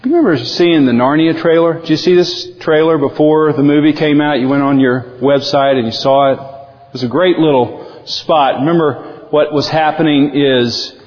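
A male pastor preaching a sermon in an emphatic, animated way. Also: on the high side, moderate pace. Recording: dull lo-fi audio with long hall reverb.

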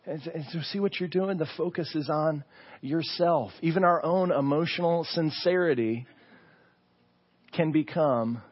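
A man preaching a sermon as pastor, telling the story with animated asides and rhetorical questions. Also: a little high, measured pace, husky, dull audio.

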